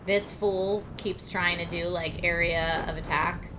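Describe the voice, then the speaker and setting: A woman streamer talking her way through a video game live, thinking aloud with quick laughs. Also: fairly low pitch, steady tone, background noise. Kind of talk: live gameplay commentary. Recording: game music playing behind.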